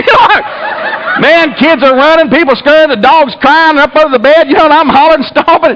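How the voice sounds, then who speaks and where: A middle-aged man telling a comic story, animated and breathless, laughing as he talks, his voice climbing high and loud when he gets excited. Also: moderate pace, slight background noise, low-quality recording. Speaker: comedian storyteller. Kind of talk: comic story to a live audience.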